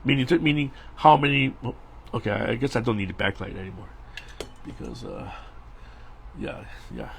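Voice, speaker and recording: A man's voice: medium pitch, moderate pace, creaky, pauses often, a little hiss or hum. A middle-aged man, a storyboard artist, chatting casually and rambling while he draws on a live stream, with frequent restarts and laughs.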